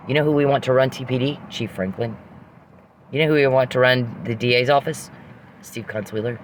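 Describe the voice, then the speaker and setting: A man's voice: medium pitch, quick pace, slight background noise. Man ranting angrily at someone, profane. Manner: angry, accusing, profane, rhetorical questions. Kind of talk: confrontational rant addressed to one person.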